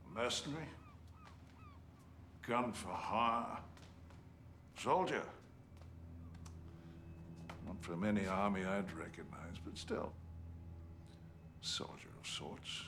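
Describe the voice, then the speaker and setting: An actor playing an old retired army general, speaking in a low, hushed, brooding way. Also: male voice, lively intonation, takes it slowly, long pauses, slight background noise, exaggerated voice. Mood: probing. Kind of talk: screen period drama acting.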